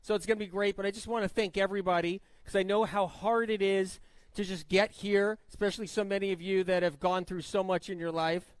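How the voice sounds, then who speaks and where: A man's voice: high voice, little pitch movement, fairly quick, clear, resonant tone, dry recording. A man hosting a live event, giving an emotional welcome speech to the audience, repeating himself and laughing often. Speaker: event host.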